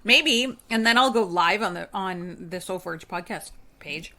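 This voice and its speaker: A woman co-hosting a casual podcast, teasing and relaxed, with lots of soft murmured agreement. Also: lowish voice, unhurried. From Canada. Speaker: podcast co-host. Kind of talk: casual chat.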